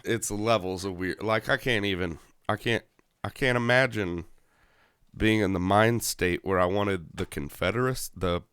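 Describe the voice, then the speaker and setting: A man's voice: on the low side, normal speed, fairly bright tone, smooth, dry recording, clean studio sound. A man in a casual podcast chat, sarcastic and swearing freely, laughing mid-sentence. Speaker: podcast co-host.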